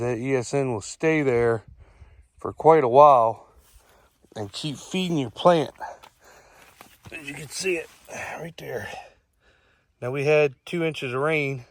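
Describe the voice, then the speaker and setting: A man's voice: medium pitch, no echo. A middle-aged man with an Eastern Shore accent, a farmer walking a cornfield outdoors and explaining things plainly, repeating himself as he goes. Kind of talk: casual vlog walkthrough.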